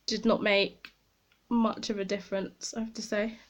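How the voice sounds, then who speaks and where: A woman with a medium-pitched voice speaks flatly at a moderate pace. She's a beauty vlogger chatting casually to camera, rambling and commenting on herself as she tries out makeup products.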